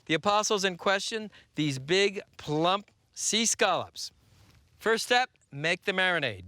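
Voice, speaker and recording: A middle-aged man hosting a TV cooking show, delivering punchy scripted lines and measured step-by-step instructions. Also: high-pitched, expressive, pushed and bright, no echo. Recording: broadcast audio with music bed.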